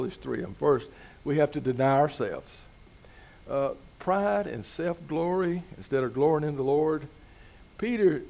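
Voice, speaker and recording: A man's voice: medium pitch, creaky, warm tone. A man preaching a sermon in a folksy, conversational way, building to emphatic peaks. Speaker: pastor.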